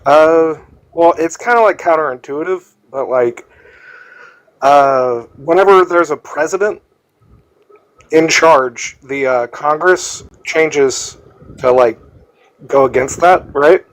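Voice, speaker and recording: Man, slightly high voice, hesitant, lots of uhs and likes, debate caller. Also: takes it slowly, long pauses, low-quality recording. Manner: hesitant, many fillers. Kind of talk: casual debate call.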